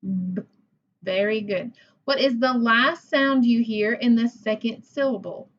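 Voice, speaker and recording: A slow-talking woman with a fairly high voice teaches phonics to young children. She sounds out each syllable patiently and praises answers warmly. The recording is dull and lo-fi. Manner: patient, encouraging, sounds words out.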